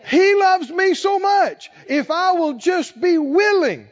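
A man with a strikingly high voice delivers an impassioned sermon from the pulpit. He drives home his points by repeating phrases and swelling toward shouts. The recording sounds a little dull and muffled. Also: lively intonation, slow pace. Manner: emphatic preaching, repeating key phrases with rising intensity. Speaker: pastor.

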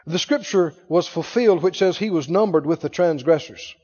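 A man's voice: on the high side, normal speed, dark tone, slightly rough, in a large hall, lo-fi sound. A man preaching a fervent sermon and drawing call-and-response from his congregation.

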